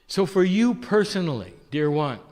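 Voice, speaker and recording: A man delivering a channeled spiritual teaching, his higher voice rising and falling with animated swings. He speaks tenderly to the listeners and poses question after question. The sound carries the long reverb of a large hall. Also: normal speed. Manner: addresses listeners as dear one, rhetorical questions. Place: live audience event. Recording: echoey hall.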